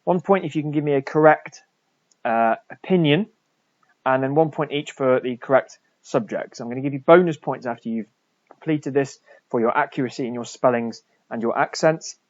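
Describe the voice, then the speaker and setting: A man, a French teacher, talking through a recorded lesson for pupils and slowly repeating French words for them to copy. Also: medium pitch, no room sound, highs cut off.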